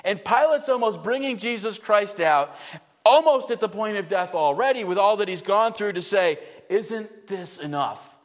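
High-voiced preacher in a big reverberant hall. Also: male voice, expressive, moderate pace. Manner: vivid, rhetorical questions to the congregation. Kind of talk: expository sermon. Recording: long reverb in a large hall.

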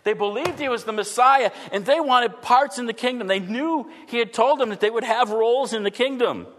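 A middle-aged pastor preaching a sermon earnestly, swinging from forceful lines to hushed ones. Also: male voice, very high-pitched, a little fast, big-room sound, slight background noise.

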